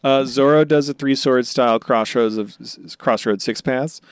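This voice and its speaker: A man's voice: mid-range voice, normal speed, slight background noise. A man co-hosting a podcast in casual chat, rambling and enthusiastic, swearing now and then. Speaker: podcast co-host.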